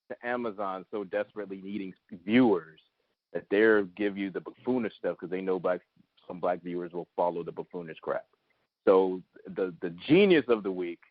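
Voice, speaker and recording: A man co-hosting a podcast, speaking bluntly and haltingly in casual chat. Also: low voice, dry recording. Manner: blunt, halting, gropes for words. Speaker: podcast co-host. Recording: phone-like dry line.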